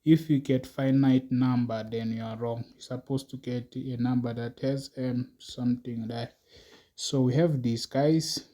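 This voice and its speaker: Male math teacher, very dark mellow tone, flat delivery, unhurried. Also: mid-range voice. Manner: slow, musing, talks to students as he works. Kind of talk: recorded math lesson.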